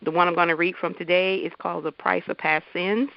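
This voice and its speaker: A woman, an author and teacher, introduces herself and reads from her novel with a halting delivery full of restarts. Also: on the low side, level tone, gravelly, no room sound. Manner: halting, with many fillers and restarts. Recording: dull lo-fi dry sound.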